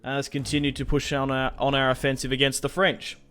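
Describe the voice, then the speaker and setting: A man's voice: medium pitch, monotone, a little fast, fairly bright tone. A young man giving casual, rambling commentary on a strategy game, thinking aloud with fillers. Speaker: gaming YouTuber.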